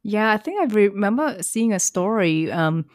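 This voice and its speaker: A woman's voice: medium pitch, sing-song, moderate pace, no room sound, clean studio sound. A woman pharmacist chatting casually, hesitant and full of fillers. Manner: hesitant, lots of fillers, laughs easily. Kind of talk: casual podcast chat.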